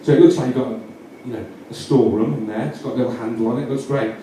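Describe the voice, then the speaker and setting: A man's voice: medium pitch, fairly even intonation, rapid-fire, mellow. A man with a Yorkshire accent giving mock-earnest, rambling comic instructions, often correcting himself mid-sentence. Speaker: comedian. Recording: roomy echo, distant mic, faint noise.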